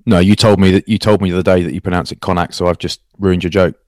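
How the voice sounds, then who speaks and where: A man co-hosting a casual podcast, chatty and teasing, telling stories with lively asides. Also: deep voice, racing, no room sound, studio quality. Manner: teasing, chatty, animated storyteller. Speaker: co-host, rugby commentator.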